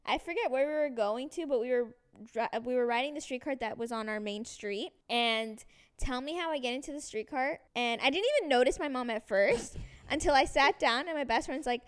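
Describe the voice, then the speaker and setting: A woman's voice: high-pitched, brisk, clean tone. A young woman from Canada, telling a story in casual chat, acting out quotes and swearing often.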